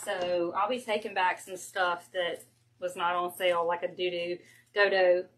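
A woman's voice: fairly low pitch, level tone, fairly bright tone, slight background noise. A woman hosting a crafting livestream, chatting casually and easily while she works. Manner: easygoing, chatty, quick to laugh.

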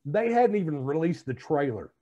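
A man's voice: a little high, very animated, moderate pace, dark tone, lo-fi sound. A man co-hosting a casual podcast, telling rambling stories in a chatty way. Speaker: podcast co-host. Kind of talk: casual chat.

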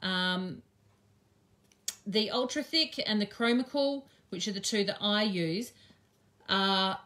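An Australian craft teacher and shop owner leads a live craft demonstration, chatting and thinking out loud with frequent ums. Her voice is medium in pitch, slow and a bit bright.

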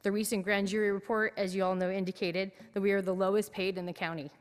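A woman who works as a police dispatcher, giving an earnest, steady public comment to a council committee at a podium microphone. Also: medium pitch, fast. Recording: echoey council chamber.

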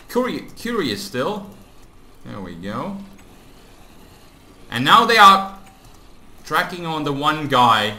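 Excitable man narrating a game, bright voice. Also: mid-range voice. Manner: excitable, exclaims often, talks to game mobs. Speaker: gaming YouTuber. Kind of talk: casual Let's Play commentary. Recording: echoey room, faint background noise.

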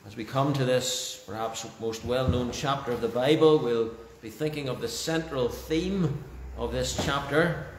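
Slow male preacher, drawn-out phrases, roomy church echo, mid-pitched voice. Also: slight background noise. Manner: slow and deliberate, dwelling on key phrases. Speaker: pastor. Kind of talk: sermon with opening prayer.

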